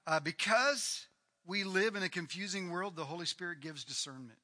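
A man preaching a sermon to his congregation, animated and conversational, rising to loud emphatic bursts. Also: high-pitched, normal speed. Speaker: pastor.

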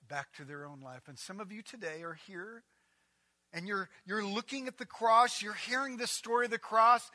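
A man preaching a sermon as a pastor, delivering it with passion and building up to near-shouting on emphatic passages. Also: sits high, normal speed, no room sound.

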